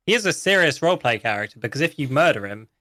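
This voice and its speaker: A man's voice: mid-range voice, sing-song, quick pace, sharp tone, dry recording, studio quality. A man chatting casually about roleplay, rambling through a long story with many restarts and some swearing. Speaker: roleplay guest. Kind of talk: casual podcast chat.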